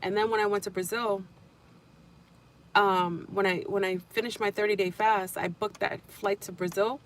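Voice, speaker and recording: A woman's voice: medium pitch, fairly even intonation, normal speed. A woman hosting a casual livestream, telling a spiritual story in a rambling way and repeating and restarting her phrases.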